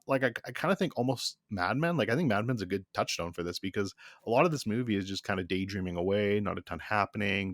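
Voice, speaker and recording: A man's voice: on the low side, no room sound, studio quality. A man co-hosting a podcast in easygoing casual chat, laughing often. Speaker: podcast co-host.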